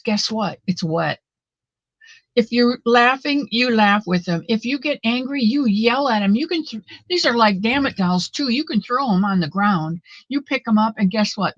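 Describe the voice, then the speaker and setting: A woman's voice: mid-range voice, dry recording, muffled recording. A middle-aged woman hosting a live knitting stream, chatting casually and earnestly with viewers in a motherly way. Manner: warm, motherly, talks straight to viewers; earnest and faith-filled.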